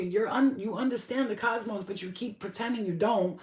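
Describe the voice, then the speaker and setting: Excitable, slangy woman livestreaming. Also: medium pitch, a little fast, reverberant, rough recording. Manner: excitable, slangy, swears freely. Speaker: spiritual livestreamer. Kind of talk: casual livestream chat.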